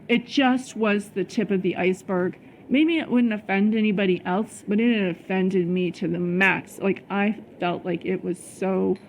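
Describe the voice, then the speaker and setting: A middle-aged woman tells a personal story on her vlog with emphatic heat, stumbling over restarts and fillers. Her voice has a gravelly edge. A faint noise sits under the recording. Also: fairly low pitch, rough recording. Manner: heated, emphatic, many fillers and repeated words. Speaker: vlogger.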